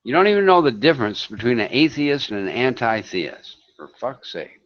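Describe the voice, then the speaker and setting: A man's voice: medium pitch, big pitch swings, normal speed, dull audio. A man moderating a casual online voice chat, talking bluntly, with lots of swearing and exasperation.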